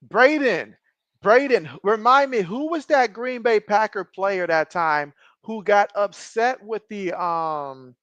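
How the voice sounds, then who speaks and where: A man streaming a game, giving casual play-by-play, reading viewer chat and joking often, getting excitable on big plays. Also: high voice, slow pace, dry recording, dull audio. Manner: jokey, excitable, often laughs. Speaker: live-stream sports commentator.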